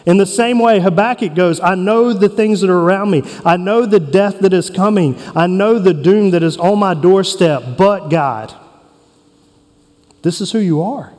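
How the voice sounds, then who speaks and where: A man preaching a sermon as pastor, earnest and emphatic, with dramatic pauses between phrases. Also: high-pitched, a little mellow. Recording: long reverb of a hall.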